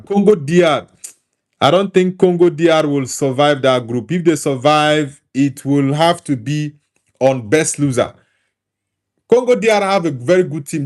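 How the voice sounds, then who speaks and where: A Nigerian man with an Igbo background hosting a relaxed football talk show, reading out chat comments and answering them in an easygoing way. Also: a little high. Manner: easygoing, repeats words while thinking. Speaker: host reading live chat.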